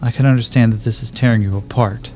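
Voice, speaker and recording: A man's voice: mid-range voice, steady tone, fast talker, dark tone, close to an everyday voice. A man voicing a stern, grieving older knight lord who speaks in a solemn, reproachful way to a younger knight in a tabletop game. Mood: sorrowful. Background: faint background music.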